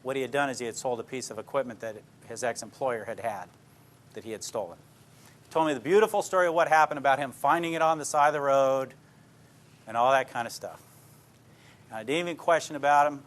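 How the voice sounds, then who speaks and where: This older man, a police detective, speaks to a class in a relaxed, plain manner, telling anecdotes and checking in with listeners. He has a mid-range voice and a quick pace.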